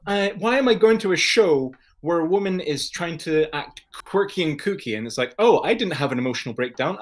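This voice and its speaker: A man's voice: mid-range voice, fairly bright tone. A man, a podcast co-host, telling a rant-filled story in casual, heavily sweary chat. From Scotland.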